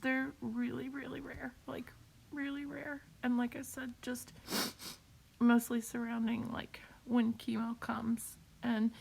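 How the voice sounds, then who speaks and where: A woman talking on a live video while crying, in a halting way, repeating herself and laughing through her tears. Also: fairly high pitch, flat delivery, creaky, a little mellow, a little hiss or hum. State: tearful, crying. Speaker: vlogger sharing a cancer update. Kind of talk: emotional live video talk.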